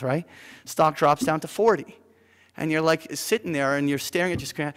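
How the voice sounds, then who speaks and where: A man leading a live investing seminar in front of an audience, telling an animated story with many fillers and "right?" tag questions. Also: a little high, normal speed, smooth. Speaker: seminar instructor. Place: lecture room with an audience. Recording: reverberant lecture hall.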